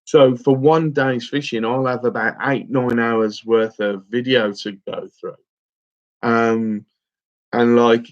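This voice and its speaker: A man hosting a fishing livestream, chatting casually and a little emotionally while answering viewers' comments, calling them mate. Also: medium pitch. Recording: slightly dull lo-fi stream audio.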